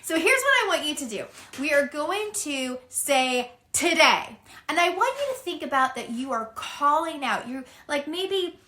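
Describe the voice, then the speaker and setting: A woman's voice: high voice, very animated, measured pace, pushed and bright. A woman giving a singing lesson, encouraging and demonstrating spoken and sung phrases. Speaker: singing teacher. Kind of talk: vocal lesson to camera.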